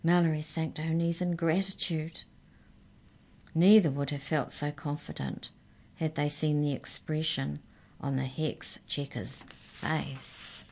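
A woman reading a children's story aloud, with gentle, expressive narration. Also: low voice, takes it slowly, vocal fry.

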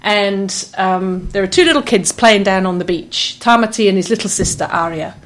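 A woman with a New Zealand accent, a bookshop guest in a radio studio, telling stories about books in a chatty, animated way with easy laughter. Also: medium pitch, moderate pace. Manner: chatty, animated storyteller who laughs easily. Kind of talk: casual radio chat.

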